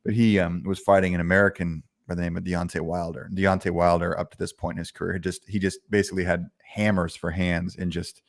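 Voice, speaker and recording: A man hosting a podcast, telling a rambling, animated story in casual chat. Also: low voice, fast talker, hardly any pauses, no room sound, studio quality. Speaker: podcast host.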